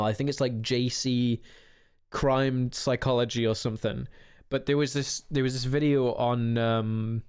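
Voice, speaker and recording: A man's voice: mid-range voice, darkish tone, clear, resonant tone. A man chatting casually while streaming a game, rambling, swearing and laughing often. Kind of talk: casual gaming stream chat.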